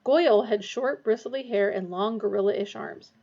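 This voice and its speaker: Woman, storybook reader, steady and expressive, dull lo-fi recording. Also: mid-range voice, normal speed. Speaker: audiobook reader. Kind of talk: storybook narration.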